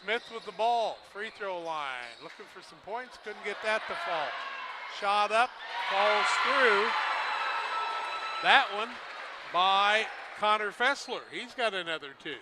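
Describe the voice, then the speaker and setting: A man doing play-by-play commentary of a high school basketball game, brisk and loud on made shots. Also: lively intonation, a crowd in the background. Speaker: play-by-play announcer. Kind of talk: local radio sports commentary. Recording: noisy gym broadcast. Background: gym ambience, basketball bouncing.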